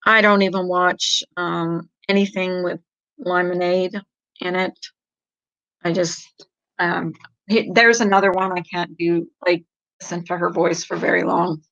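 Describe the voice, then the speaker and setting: A woman's voice: fairly low pitch, level tone, unhurried, gravelly, a bit bright, dry recording. A middle-aged woman hosting a casual livestream, chatting with viewers in a rambling way and laughing often. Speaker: livestream host. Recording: dull lo-fi sound.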